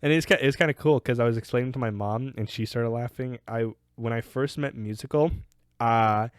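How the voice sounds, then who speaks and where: A man's voice: mid-range voice, brisk, clear, resonant tone, dry recording, clean studio sound. A teenage guy hosting a casual question-and-answer chat, rambling with lots of restarts and laughter. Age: teens. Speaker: channel host answering questions.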